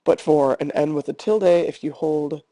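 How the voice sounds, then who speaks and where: A man with a fairly high voice that still sounds dark and mellow walks students through a screencast tutorial. He explains each step calmly and patiently. The sound is dry and close, with no room tone. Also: normal speed, dry recording. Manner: calm step-by-step instruction. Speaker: Spanish teacher.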